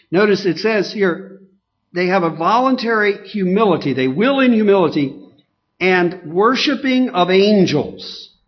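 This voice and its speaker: A man with a high voice preaches slowly and emphatically, repeating himself and wandering through fillers. The recording sounds dull and lo-fi. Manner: emphatic, repetitive, digressive with many fillers. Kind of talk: sermon.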